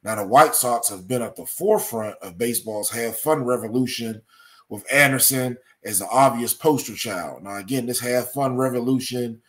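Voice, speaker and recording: A man hosting a sports history talk show, speaking in a measured way with lots of ums and uhs. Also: mid-range voice, fairly bright tone. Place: studio or home setup.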